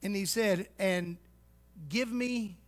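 A man preaching a sermon, folksy and teasing, swinging from loud exhortation to hushed asides. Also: sits high, takes it slowly. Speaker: pastor.

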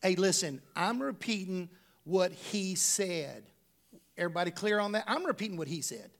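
A middle-aged man delivers a sermon as pastor, his voice pitched high and roughened with a gravelly edge. He talks to the congregation plainly, like a conversation, and presses his points home with rhetorical questions. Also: expressive, moderate pace, fairly bright tone.

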